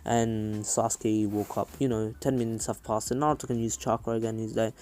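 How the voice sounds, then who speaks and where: A man's voice: fairly low pitch, little pitch movement, fairly quick, few pauses, a little mellow. A young man casually retelling a fan story, rambling with lots of fillers and restarts.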